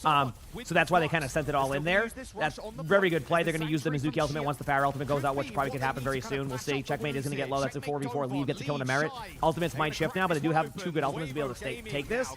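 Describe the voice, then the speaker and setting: A man co-casting a pro match on stream, rattling off play-by-play in a rapid auctioneer-like patter. His voice sits a little high for a man and he barely pauses between thoughts. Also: steady tone, a crowd in the background. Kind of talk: live esports watch-along commentary.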